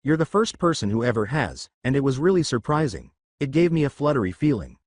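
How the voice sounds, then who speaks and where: A sweet, timid teenage girl who stumbles over her words, voiced by a male narrator. The reading is lively in pitch and close-miked with no room sound. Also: fairly quick, no echo. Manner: hesitant, stammering.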